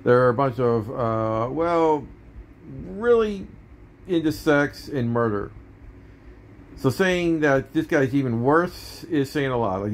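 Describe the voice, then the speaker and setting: A man's voice: medium pitch, a little hiss or hum. Rambling male movie reviewer. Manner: rambling, self-correcting, with many fillers.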